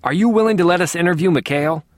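A man's voice: fairly high pitch, expressive, fast talker, fairly bright tone, no room sound, clean studio sound, pitched above the performer's own voice. A man voicing a pushy, demanding male TV reporter in an audiobook. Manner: demanding, blurting.

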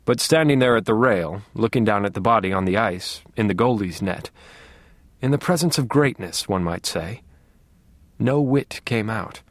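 A man's voice: on the low side, normal speed, dry recording. A man narrating an audiobook in the first person with a dry, wry, understated delivery.

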